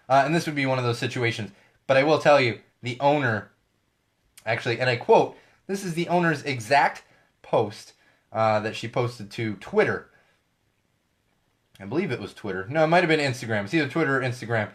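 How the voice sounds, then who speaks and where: A man's voice: mid-range voice, expressive, normal speed, long pauses, fairly bright tone, a little hiss or hum. Chatty podcast host losing his voice. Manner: rambling, chatty, self-correcting asides. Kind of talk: casual solo podcast talk. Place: studio.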